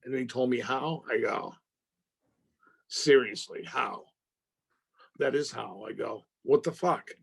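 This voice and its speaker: A middle-aged man talks in a gravelly, rough-edged voice. He tells his story with energy, acting out the phone calls and bursting into exclamations and curses as he goes. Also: medium pitch, slow, pauses often. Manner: acts out phone calls with swearing and loud exclamations. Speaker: actor interview guest. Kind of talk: animated storytelling in conversation.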